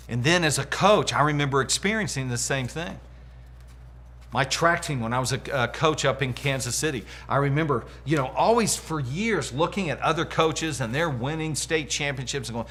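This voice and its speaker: A middle-aged man teaches leadership in a lively motivational talk. His voice sits a bit high for a man, and he acts out what people said as he tells his stories. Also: normal speed. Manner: animated storyteller acting out quotes. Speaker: leadership coach.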